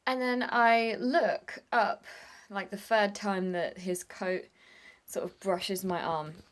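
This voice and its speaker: A woman's voice: mid-range voice, steady tone, slow. A young woman telling a personal story to camera in a candid, emotional vlog, swearing casually and tearing up at times. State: tearful at times. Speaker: vlogger.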